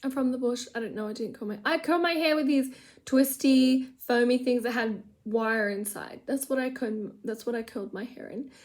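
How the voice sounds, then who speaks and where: Rambling woman, fairly high voice. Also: moderate pace, a little mellow. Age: adult with children. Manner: rambling, chatty, self-mocking, drops to mutters. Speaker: vlogger doing makeup. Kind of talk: casual get-ready-with-me chat. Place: her room at home.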